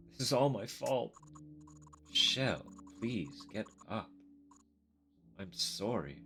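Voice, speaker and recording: A man streaming a game, reading the characters' dialogue aloud and breaking off to laugh and joke. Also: on the low side. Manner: reads dialogue in a flat voice, breaks into laughs and swearing. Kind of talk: let's play, reading in-game characters' lines with live commentary.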